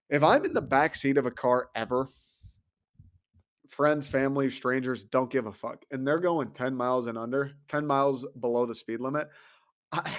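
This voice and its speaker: A man hosting a show, delivering a profane, sarcastic comedic rant in an exasperated tone. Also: medium pitch. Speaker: podcast host.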